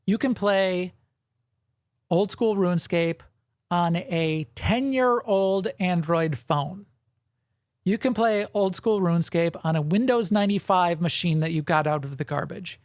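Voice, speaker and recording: A man's voice: high voice, a little slow, no room sound, clean studio sound. A man co-hosting a gaming podcast in casual chat, rambling and correcting himself, with frequent chuckles. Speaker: podcast co-host.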